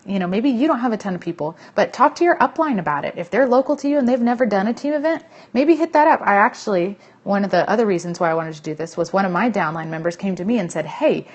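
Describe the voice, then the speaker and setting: Woman live-streaming to her team, chatty and emphatic, full of fillers. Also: fairly low pitch. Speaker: network marketing team leader. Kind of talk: casual live-stream chat to viewers.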